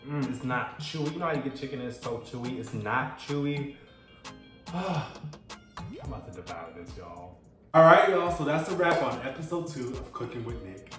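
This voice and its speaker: Man, casual cooking vlog host, talks to y'all, murmurs low while tasting, booming room echo. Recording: very echoey room, far from mic, music behind.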